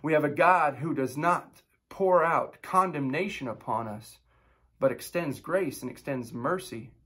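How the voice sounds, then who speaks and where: A man's voice: medium pitch, husky. A man in his thirties, a pastor giving a devotional sermon, telling a family story in a conversational, upbeat way before turning to scripture. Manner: storytelling with animated impressions of his kids.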